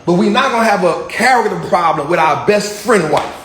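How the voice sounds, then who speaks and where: A high-voiced man preaching in casual slang, his pitch swinging widely as he repeats phrases for emphasis. The room is echoey, with a faint ambient hum behind him. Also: fairly quick. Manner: animated, repetitive, slangy and conversational. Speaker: vlogger preaching. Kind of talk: casual street-style sermon.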